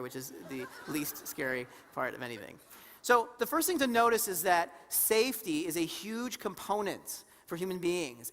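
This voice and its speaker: A woman co-presenting a live seminar, animated and engaging the audience with questions and acted-out stories. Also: on the low side. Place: conference hall before an audience. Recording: reverberant hall sound.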